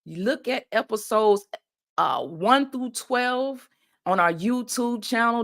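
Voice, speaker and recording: A woman's voice: a little high, lively intonation, takes it slowly, fairly bright tone. A woman hosting a faith-based motivational podcast, talking in a preacherly call-and-response way and often calling out "y'all". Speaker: podcast host and life coach.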